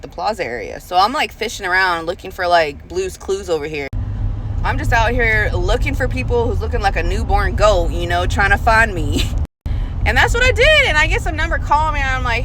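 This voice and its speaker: A woman's voice: mid-range voice, a bit bright, a little hiss or hum. A woman in her thirties telling rideshare stories in a chatty, profane way, often laughing, recorded in her car. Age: 30s. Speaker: rideshare driver and realtor. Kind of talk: casual storytelling vlog. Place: inside a car.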